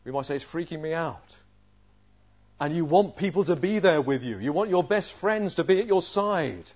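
A male preacher giving an expository sermon, asking rhetorical questions and swinging from loud emphasis to a hushed voice. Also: on the high side, expressive, fairly quick. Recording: dull lo-fi sermon recording.

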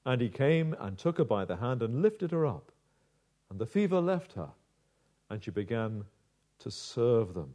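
A man preaching a sermon in a dramatic, measured way, slowing down to stress key phrases. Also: mid-range voice, sing-song, dark tone. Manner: dramatic, measured delivery with slowed emphasis.

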